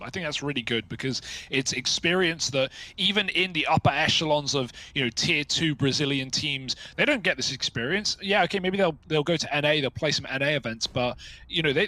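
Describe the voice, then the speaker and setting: A man's voice: fairly high pitch, pushed and bright. A man commentating a live esports match, with a playful, joking manner.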